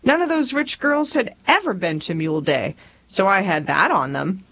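A woman's voice: moderate pace, gravelly. Southern woman, 40s, memoir audiobook narrator, humorous down-home storyteller. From rural Tennessee. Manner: folksy, humorous storytelling with lively pitch.

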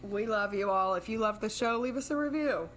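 A woman's voice: mid-range voice, brisk, a bit bright, slight background noise. A woman co-hosting a podcast in casual chat, talking loosely with lots of fillers. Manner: chatty, filler-heavy, laughs often. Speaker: podcast co-host.

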